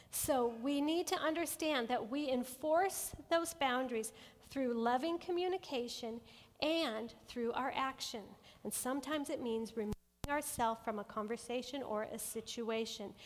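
A woman teaching a Bible study to a women's group in an earnest, gentle way, often checking in with her listeners. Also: high-pitched. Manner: asks the audience frequent check-in questions. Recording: long hall reverb.

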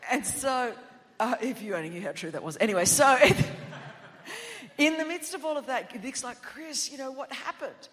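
A woman preaching a sermon in a church, emphatic and building to shouted declarations between chatty asides. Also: sits high, animated, normal speed. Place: large church auditorium. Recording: long church-hall reverb.

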